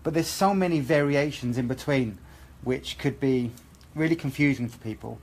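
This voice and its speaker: A man's voice: mid-range voice, normal speed. British man teaching a haircut live. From England. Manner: explains steps methodically, asks okay?. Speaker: hair educator.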